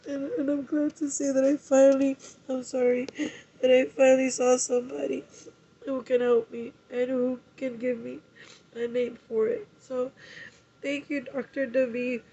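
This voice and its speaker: A woman talking in an emotional personal vlog, tearful and halting, swearing often. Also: high voice, flat delivery, warm tone, slight background noise, rough recording. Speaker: vlogger.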